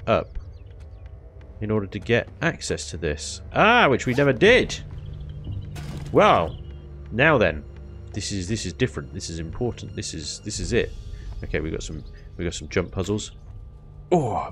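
A man giving casual let's-play commentary, chatting along, exclaiming at finds and taunting enemies. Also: medium pitch. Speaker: gaming YouTuber.

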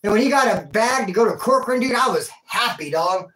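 A man's voice: high voice, lively intonation, a little fast, sharp tone, slight background noise. A man telling a rambling personal story in a casual, slangy way, calling the listener dude and bro. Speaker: vlogger telling a prison and life story.

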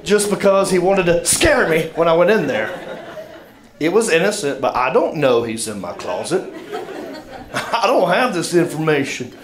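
A man's voice: on the high side, big pitch swings, normal speed. Man, Southern accent, stand-up comedian, self-mocking drawl, echoey stage. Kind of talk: stand-up storytelling. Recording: echoey stage with crowd laughter. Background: audience laughter.

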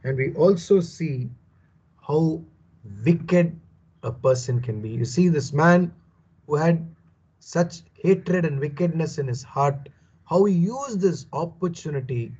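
A male preacher teaches from scripture with emphatic repetition and rhetorical questions. His voice sits a little high and sounds husky. The recording is dull and lo-fi. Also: expressive, slow pace, warm tone. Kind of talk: Bible teaching sermon.

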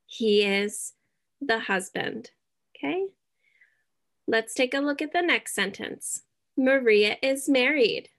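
A woman teaching a beginner English lesson, speaking deliberately, checking in often and dropping in Spanish words. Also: a little high. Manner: slow, deliberate, checks in with "okay?".

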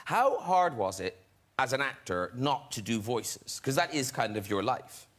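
A man's voice: medium pitch, big pitch swings, measured pace, a bit bright. A man hosting a talk show, playful and laughing, pushing his guests to perform. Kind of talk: casual talk show chat.

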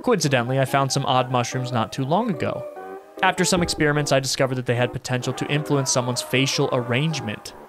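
A man voicing a sinister adult male mad scientist villain in a horror game, calmly menacing and smug. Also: mid-range voice, fast, music in the background, lightly acted. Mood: scheming.

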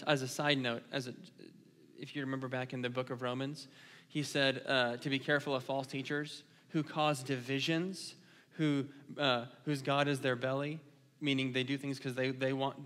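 A man's voice: a little high, fairly bright tone. A man preaching a sermon in a church, retelling scripture stories in a casual, conversational way. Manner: conversational storytelling, paraphrasing scripture. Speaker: pastor. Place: church sanctuary. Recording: long hall reverb.

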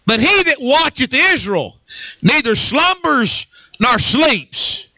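A man preaching a fervent sermon as pastor, swinging from low talk up to shouts and calling on the congregation to answer. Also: big pitch swings, takes it slowly, dry recording. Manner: fervent, rises to shouts, call and response.

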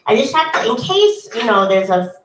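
A woman's voice: a little high, big pitch swings, normal speed, a bit bright. A young woman musician chatting casually between songs at a home concert, with lots of ums and self-deprecating asides. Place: home, indoors. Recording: echoey room, from a distance.

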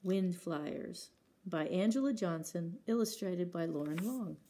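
A woman's voice: on the low side, expressive, a little slow, dark tone, a little hiss or hum. A woman librarian reading picture books aloud at children's story time, acting out sound words and stopping to ask the children questions.

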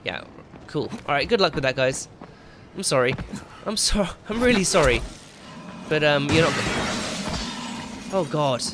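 A man's voice: fairly high pitch, expressive, normal speed, pauses often, background noise. A man commentating his own video game play, yelping and swearing whenever he gets startled. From England. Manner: jumpy, yelps and swears when startled. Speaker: gaming YouTuber.

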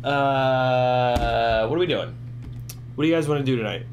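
The host of an FPV drone livestream, a man in his forties, talks at medium pitch and a measured pace with slight background noise. Tipsy and rambling, he keeps the chat casual, ranting profanely and laughing frequently.

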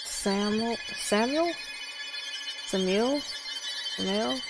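Woman streamer, nervous horror-game commentary, very slow delivery. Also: fairly high pitch, very noisy. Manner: nervous, gasping and laughing in fright. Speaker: gameplay streamer.

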